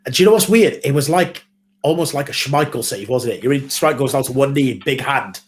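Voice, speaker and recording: A man's voice: mid-range voice, animated, a little fast. A man from Wales co-hosting a live football watchalong, teasing and rueful. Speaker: co-host.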